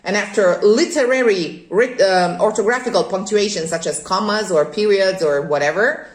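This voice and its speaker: A woman's voice: mid-range voice, normal speed. Woman opera coach in an echoey room. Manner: demonstrates phrases by singing, then explains. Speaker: Italian opera diction coach. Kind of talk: vocal coaching lesson.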